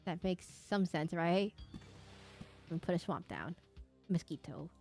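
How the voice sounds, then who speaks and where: A woman's voice: lowish voice, measured pace, a little mellow, faint music behind. A young woman chatting casually while streaming a game, rambling and giggling with lots of restarts and asides.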